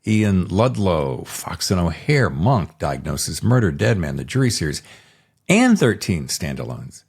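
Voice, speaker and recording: A man's voice: sits low, sing-song, a little slow, a little mellow, breathy edge. A man hosting a podcast interview, talking in an enthusiastic, rambling way. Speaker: podcast host. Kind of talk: casual interview chat.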